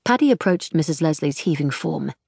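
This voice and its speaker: A woman narrating a story in a measured, even manner. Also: deep voice, vocal fry, husky, no echo, studio quality. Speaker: audiobook narrator. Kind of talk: scripted narration.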